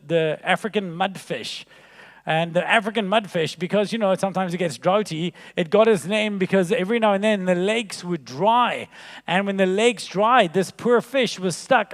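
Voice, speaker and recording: A man giving a conference keynote talk, telling animated stories with jokes and punchlines, in a large conference hall. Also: high-pitched. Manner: jokey, animated storytelling with punchlines. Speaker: keynote speaker. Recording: long reverb of a large hall.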